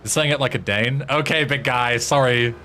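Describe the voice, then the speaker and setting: A young man with a British accent talks loosely over his game stream, cursing freely and chuckling at his own stumbles. His voice sits at an ordinary middle pitch, with a faint hum underneath. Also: moderate pace, sharp tone. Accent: British English. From Britain. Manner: swearing, laughing at his own attempts at tongue twisters. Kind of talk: casual gaming stream chat.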